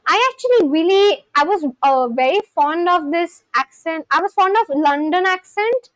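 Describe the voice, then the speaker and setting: A woman's voice: extremely high pitch, lively intonation, moderate pace, dry recording, rough recording. A woman hosting a casual live stream, chatting with viewers and reading their comments aloud in a rambling way, often stopping and restarting her sentences. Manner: rambling, chatty, frequent restarts and self-corrections. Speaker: livestream host learning a language.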